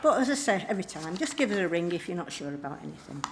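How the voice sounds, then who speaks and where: A woman's voice: on the low side, very animated, very fast, a little hiss or hum. A middle-aged woman giving an informal church message, retelling a story in a homely, conversational way with frequent hesitations. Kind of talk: informal recorded sermon.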